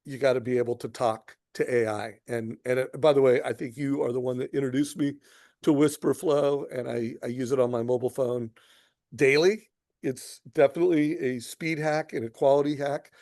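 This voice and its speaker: A man's voice: medium pitch, darkish tone, no room sound, clean studio sound. A man hosting an interview, enthusiastic and speaking straight to his viewers. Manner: enthusiastic, addresses viewers as guys. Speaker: host.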